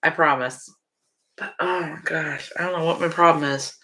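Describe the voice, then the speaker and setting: A young woman talks casually to her livestream audience. Her voice sits a little low, and she sounds drowsy, yawning and laughing softly as she goes. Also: steady tone, moderate pace. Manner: sleepy, yawning, chatty with viewers. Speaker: livestream host.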